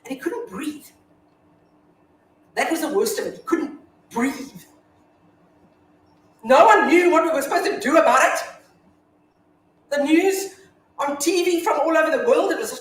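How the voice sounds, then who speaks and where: Woman doing a tough widow who swears a lot, bit high, echoey theatre from far off. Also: slight background noise. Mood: grieving. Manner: confessional monologue, swinging from hushed to shouting. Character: defiant grieving widow, blunt and foul-mouthed. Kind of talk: staged play reading. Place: theatre stage.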